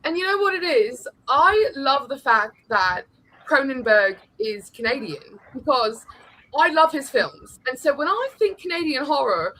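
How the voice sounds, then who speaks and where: A woman's voice: high-pitched, sing-song, unhurried, bright, forceful tone, full character voice, rough recording. A woman voicing a prim, refined Englishwoman with a put-on English accent and exaggerated posh diction. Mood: gushing.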